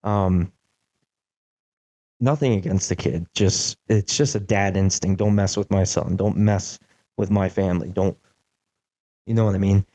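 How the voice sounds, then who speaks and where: A young man hosting a podcast, telling a casual story in an animated way, with lots of "like" fillers. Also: sits low, a little slow, pauses often. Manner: animated, acts out quotes, many "like" fillers. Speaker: podcast host.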